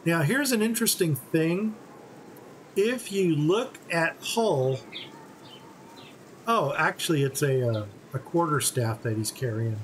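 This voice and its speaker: A man giving relaxed, step-by-step commentary on a game playthrough. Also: fairly high pitch, slow pace, a little hiss or hum, rough recording. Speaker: gaming channel host.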